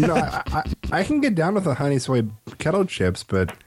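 A man's voice: a little high, wildly swooping pitch, moderate pace, breathy edge. A man co-hosting a casual podcast, swearing freely and laughing often. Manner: laughing, profane. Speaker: podcast co-host. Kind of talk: casual chat.

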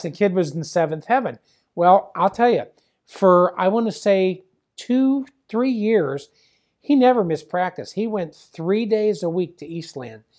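A man's voice: sits high, darkish tone. Rambling older man telling a family story. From Pittsburgh area. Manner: rambling storyteller, constantly repeating "I says" and "he goes". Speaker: former wrestling promoter and father.

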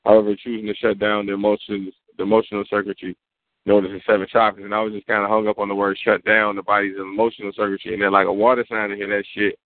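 A man's voice: fairly low pitch, flat delivery, fast talker. A man chatting casually in slangy, rambling speech. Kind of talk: casual conversation. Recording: tinny phone-like audio.

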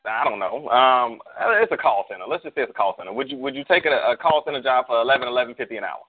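A man's voice: mid-range voice, fast, slightly rough. Man preaching over a tinny phone line. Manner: preachy storyteller, spins hypotheticals, slangy. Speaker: pastor. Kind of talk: casual church talk show on a call. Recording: tinny phone-like call audio.

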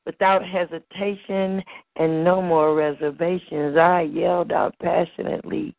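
Woman at an open mic, gravelly, measured rhythmic poetry, phone-like audio. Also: lowish voice, level tone, no echo. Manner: slow, rhythmic, rhyming delivery. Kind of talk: spoken word poetry performance. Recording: tinny phone-like recording.

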